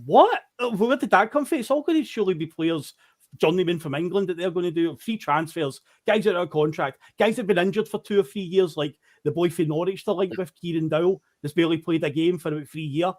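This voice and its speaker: A man's voice: fairly high pitch, fairly even intonation, fast, a little mellow. A Scottish man co-hosting a podcast, chatting casually and mockingly about football. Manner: chatty, mocking, acts out quotes. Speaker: podcast co-host.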